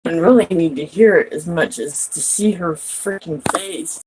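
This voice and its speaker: A woman's voice: fairly low pitch, moderate pace, a little mellow, slight background noise, poor audio. A woman vlogging from home in casual rambling chat, swearing a lot and laughing often.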